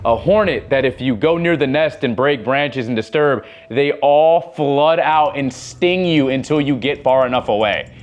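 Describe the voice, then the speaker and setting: A man's voice: medium pitch, moderate pace, hardly any pauses, faint music behind. A man narrating his own adventure as a voice-over, retelling it vividly and with animation. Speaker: wildlife adventurer.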